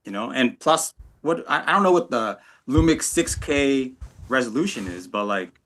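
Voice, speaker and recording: A man in a casual panel chat, explaining his video work in a halting way, full of restarts. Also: medium pitch, lively intonation, a bit bright. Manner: halting, lots of likes and restarts.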